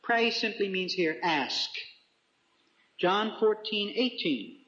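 High-voiced preacher in an echoey room. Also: male voice, expressive, pushed and bright. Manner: deliberate, reads scripture slowly with emphasis. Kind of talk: Bible teaching sermon. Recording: echoey room, dull lo-fi sound.

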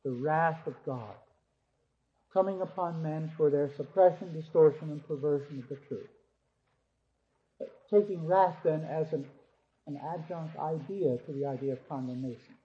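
A man's voice: on the high side, moderate pace, pauses often. Man lecturing on theology, lo-fi. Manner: reads scripture aloud, then explains point by point. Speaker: theology teacher. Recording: muffled lo-fi recording.

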